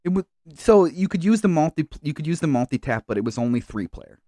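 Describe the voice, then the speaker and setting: A man's voice: a little high, very animated, quick pace, dark tone, no room sound, studio quality. A man co-hosting a casual podcast chat, rambling with lots of fillers and restarts. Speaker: podcast co-host.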